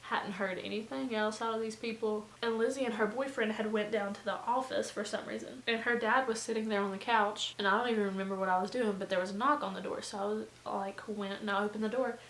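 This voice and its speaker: A young woman, telling a storytime vlog in a chatty, animated way full of fillers. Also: medium pitch, fast talker, hardly any pauses, reverberant, slight background noise, poor audio. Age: young adult. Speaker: vlogger.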